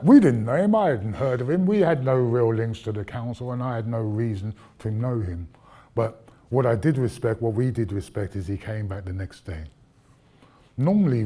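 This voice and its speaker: Man as guest lecturer, husky and dark-toned, anecdotal and conversational. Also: fairly low pitch. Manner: conversational, recounting anecdotes with asides to the audience. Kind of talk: public lecture, storytelling.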